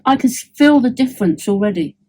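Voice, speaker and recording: A chatty woman talks at home, full of enthusiasm and often restarting her sentences. Her voice is mellow and slightly husky, with a relaxed, warm tone. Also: on the high side, fairly quick, poor audio. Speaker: homeowner giving a testimonial. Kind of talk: casual chat. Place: at home indoors.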